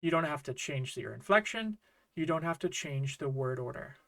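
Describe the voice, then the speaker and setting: A man's voice: on the high side, lively intonation, moderate pace, creaky, a bit bright. A man teaching a casual online Japanese grammar lesson, explaining in a friendly, chatty way with small fillers and asides.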